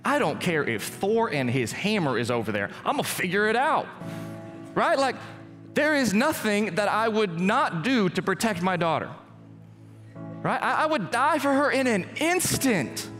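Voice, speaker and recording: A young adult male pastor giving a casual, joking sermon in a church hall. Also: normal speed. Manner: casual, joking preacher, lively swings in pitch. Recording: echoey church hall with music.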